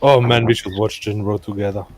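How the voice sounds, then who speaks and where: A man in a casual chat, joking and teasing in quick banter. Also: lowish voice, steady tone, over music. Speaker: guest on a hobby stream.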